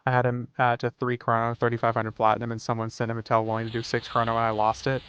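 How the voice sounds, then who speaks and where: A man streaming a game live talks fast in a monotone, medium-pitched voice that's a bit bright, over dull audio with a little hiss or hum. The chat is casual and laid-back, full of jokes, free swearing, and plenty of "dude."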